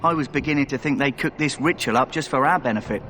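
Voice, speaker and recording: An actor playing a sly, cocky young male thief recruit in a fantasy video game, chatting with an easy swagger, with game music clearly behind him. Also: medium pitch, fast talker, lightly acted.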